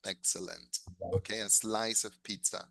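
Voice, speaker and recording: Patient teacher. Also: male voice, fairly low pitch, fairly even intonation, normal speed, gravelly, crowd noise, low-quality recording. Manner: patient, repeats and corrects words, praises students. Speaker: English teacher. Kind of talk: classroom lesson mixing English and Spanish.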